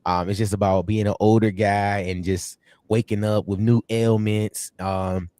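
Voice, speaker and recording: A man co-hosting a sports livestream, telling stories in an animated, slangy way with lots of laughs. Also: fairly low pitch, a little slow, dry recording. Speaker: sports show co-host. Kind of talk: casual livestream chat.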